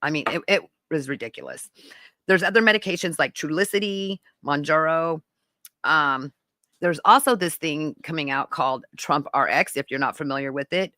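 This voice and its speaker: A woman's voice: low voice, normal speed, bright, forceful tone, dry recording. A woman hosting a podcast live stream, talking casually and rambling to viewers in the chat. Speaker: podcast host.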